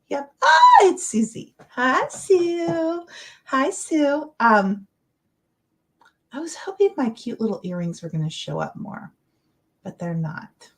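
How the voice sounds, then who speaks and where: A middle-aged woman hosting a casual livestream, rambling and encouraging, with lots of fillers. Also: fairly low pitch. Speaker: livestream host. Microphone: webcam or computer mic, livestream.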